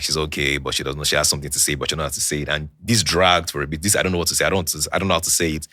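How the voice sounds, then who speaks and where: A man's voice: rumbling low, dry recording, clean studio sound. A young Nigerian man with a Nigerian English accent, a podcast guest telling a personal story in casual chat, acting out the quoted dialogue. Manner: animated storyteller who acts out quoted dialogue.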